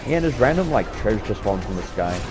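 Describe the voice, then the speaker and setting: A man's voice: fairly low pitch, big pitch swings, fast talker. Laid-back young man cursing through gameplay commentary. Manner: rambling, profane, laid-back, heavy on filler words. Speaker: gamer narrating his gameplay clips.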